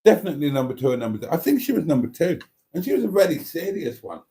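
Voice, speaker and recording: A man's voice: a little high, big pitch swings, rapid-fire, dark tone. A middle-aged man with a chatty, rambling manner and cheeky asides, hosting a livestream and reading out comments from chat. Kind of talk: casual chat.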